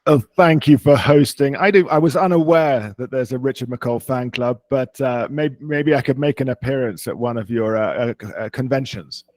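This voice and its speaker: A man's voice: medium pitch, moderate pace, hardly any pauses, darkish tone, dry recording. A man from London with a British accent, a podcast host answering interview questions about his life in a self-deprecating, rambling way. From England.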